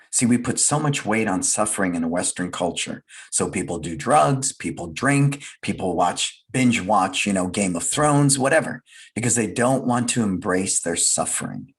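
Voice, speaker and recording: A man's voice: fairly low pitch, slightly rough. A middle-aged man giving a motivational fireside talk, earnest and emphatic, repeating his key phrases. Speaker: guest speaker, business leader.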